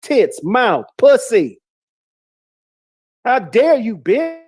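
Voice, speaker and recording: High-voiced man in a profane rant. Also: very animated, extremely slow, darkish tone, slightly rough. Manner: heated, profane, repetitive insults. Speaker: YouTuber. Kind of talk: angry rant.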